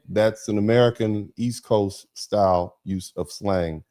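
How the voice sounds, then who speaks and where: Middle-aged male stream host, low mellow voice, emphatic and repetitive, sarcastic. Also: normal speed. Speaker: host of a commentary broadcast. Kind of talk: livestream commentary.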